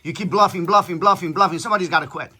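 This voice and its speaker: A man's voice: sits high, racing, pushed and bright, breathy edge. A man talking casually with his daughter, lecturing her in a blunt, profane storytelling manner. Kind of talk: casual chat.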